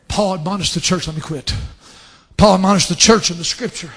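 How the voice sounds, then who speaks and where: Fervent, husky-voiced male preacher. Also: fairly high pitch, brisk. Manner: fervent preaching, swings from hushed to shouted. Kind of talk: sermon.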